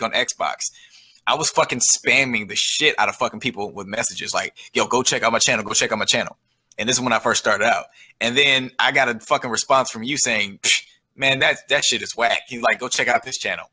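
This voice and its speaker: A man's voice: mid-range voice, pushed and bright, breathy edge, low-quality recording. A man telling a long, rambling story in casual chat, swearing often and restarting his sentences. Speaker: guest.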